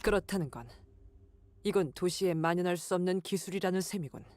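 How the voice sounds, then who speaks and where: A woman voicing a composed female game character in recorded game dialogue, delivered fast and flat. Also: fairly low pitch, close to an everyday voice. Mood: calm.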